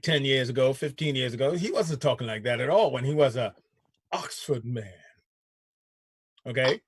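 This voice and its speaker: A man hosting a casual talk show, riffing in an animated way with frequent restarts. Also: fairly high pitch, slightly rough, dry recording, clean studio sound. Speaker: show host. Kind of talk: casual chat.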